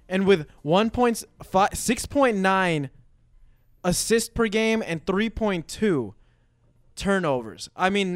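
A young college radio host, laid-back and full of slang. His voice is high and smooth, recorded dry and close, with faint music behind. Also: no echo. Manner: laid-back, slangy, reads stats slowly. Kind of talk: casual radio hosting and sports talk.

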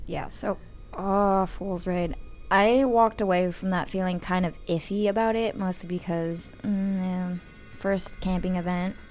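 Woman, guest, hesitant and giggly, slightly low voice, faint music behind. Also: steady tone, unhurried, a little mellow. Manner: hesitant, laughs often, restarts. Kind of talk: casual chat.

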